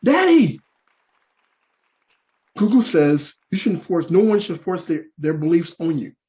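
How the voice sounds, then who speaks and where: A man's voice: high voice, sing-song, a little slow, dark tone. A man voicing his sassy, know-it-all young daughter in a stand-up routine. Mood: smug, sassy. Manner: smug, teasing.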